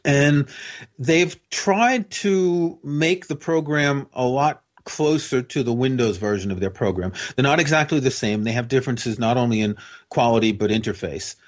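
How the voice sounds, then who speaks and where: A man's voice: medium pitch, normal speed. A man with a General American accent, a guest patiently explaining things step by step in an interview. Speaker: guest expert.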